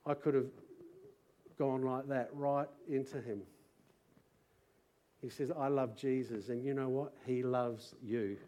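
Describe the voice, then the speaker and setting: A middle-aged Australian man preaching to a church congregation, moving from quiet personal testimony to loud rallying calls. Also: medium pitch, fairly even intonation, slow, long pauses. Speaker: pastor. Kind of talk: sermon testimony. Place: church service.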